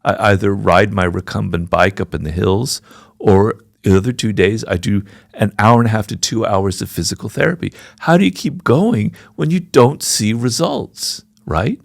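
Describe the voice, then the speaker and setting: A man's voice: fairly low pitch, moderate pace, vocal fry, no echo, studio quality. A man in his sixties speaking frankly and reflectively as a guest in a conversational interview. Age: 60s. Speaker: podcast guest, author.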